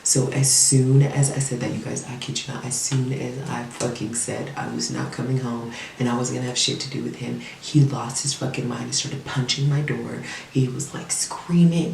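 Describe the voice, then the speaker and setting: Gravelly woman, candid profane storyteller. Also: very deep voice, fairly even intonation, moderate pace, darkish tone, a little hiss or hum. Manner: candid, profane, chatty with many fillers. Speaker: vlogger telling a personal story. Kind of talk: casual storytime monologue. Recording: echoey room, mic at a distance.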